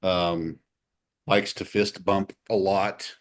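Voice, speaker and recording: A man's voice: low-pitched, flat delivery, takes it slowly. A man co-hosting a podcast in easygoing casual chat, laughing often as he recounts his experience. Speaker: podcast co-host.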